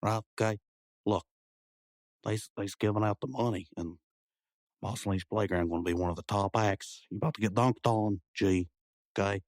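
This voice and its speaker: A man's voice: on the low side, steady tone, moderate pace, pauses often, dry recording, clean studio sound. A man co-hosting a comedy podcast, rambling through an improvised bit full of slang and bravado. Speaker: podcast co-host.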